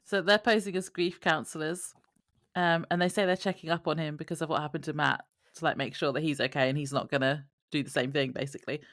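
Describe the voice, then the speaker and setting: A woman's voice: sits low, steady tone, fast talker, dry recording, clean studio sound. A woman co-hosting a podcast, chatting casually and reading out her notes, laughing along. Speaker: podcast co-host. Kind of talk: casual chat.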